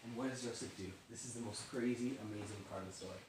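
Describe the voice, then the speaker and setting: A man teaching a Bible lesson in an animated storytelling way, often asking his listeners questions. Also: on the low side, very fast, background noise. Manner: animated, asks the class questions. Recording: echoey room, distant mic.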